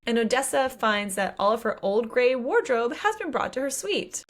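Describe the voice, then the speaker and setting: A young woman co-hosting a book podcast, recapping chapters in a lively, casual way, swearing freely and acting out quotes. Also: fairly high pitch, normal speed. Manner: animated retelling with acted quotes and swearing. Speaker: podcast co-host.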